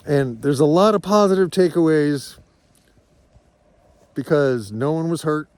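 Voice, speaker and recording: A man's voice: fairly high pitch, animated, measured pace, pauses often, darkish tone, clean tone. A man telling a candid personal story in a rambling, earnest and reflective way, as a farm vlogger.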